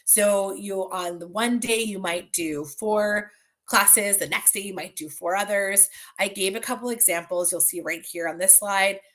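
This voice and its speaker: A woman's voice: mid-range voice, unhurried, a bit bright. Chatty Canadian woman presenting on a video call. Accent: Canadian English. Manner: friendly, chatty, many fillers and restarts. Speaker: school board student success facilitator. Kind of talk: virtual information session presentation.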